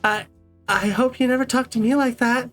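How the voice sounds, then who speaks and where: A woman's voice: a little high, steady tone, normal speed, faint music behind, voice pushed up, natural voice. A woman voicing a nervous, hesitant male animatronic bear.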